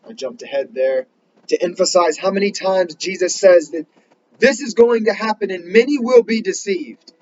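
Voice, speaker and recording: High-voiced man preaching urgently. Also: darkish tone, dull audio, slight background noise. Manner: earnest, urgent, rising to emphatic questions; reads scripture slowly in King James wording. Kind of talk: sermon.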